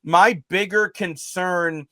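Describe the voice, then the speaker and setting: A man's voice: high voice, steady tone, slow, fairly bright tone, no room sound. A man co-hosting a sports talk show, ranting with emphatic frustration about a team's poor play.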